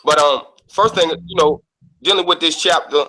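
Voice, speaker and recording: A man calmly teaching over a call, breaking his subject down word by word. His voice sits slightly high and sounds bright and forward. The delivery is steady and methodical. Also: normal speed, rough recording. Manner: calm, methodical, defines words step by step. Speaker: guest speaker. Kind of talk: lesson on an online call.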